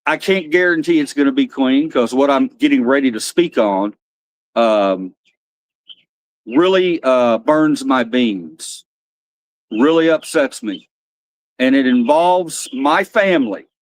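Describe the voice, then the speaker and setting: Male streamer, rambling and frank, mid-pitched voice, dry recording. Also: expressive, takes it slowly, no room sound. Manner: rambling, blunt, swears freely. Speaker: livestream host. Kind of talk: casual livestream chat.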